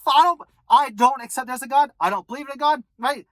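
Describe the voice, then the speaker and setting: A woman's voice: high-pitched, no room sound, poor audio. Angry, profane woman ranting. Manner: angry, profane, fast-talking rant. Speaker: vlogger. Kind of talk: ranting commentary to camera.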